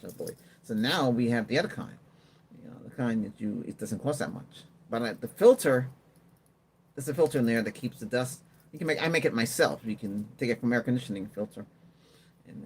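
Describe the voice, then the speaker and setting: A man's voice: medium pitch, slight background noise. A man hosting a tech livestream, chatting casually and rambling while he answers viewer comments and laughs often. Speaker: livestream host.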